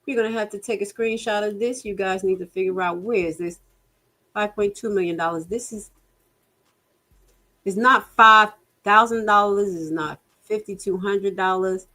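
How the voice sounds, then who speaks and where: An outspoken woman hosts a casual livestream in a mid-pitched voice. She sounds exasperated, swears freely and talks straight to her viewers. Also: fairly even intonation, moderate pace, sharp tone. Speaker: livestream host reviewing a township budget.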